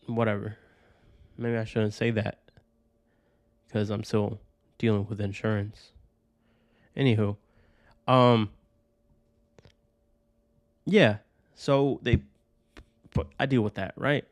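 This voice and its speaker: Speaking slowly with long pauses, a man hosting a podcast tells a personal story in a loose, rambling monologue, cursing often and ending lines with "right?". His pitch is fairly low, his tone steady, and there's no room sound.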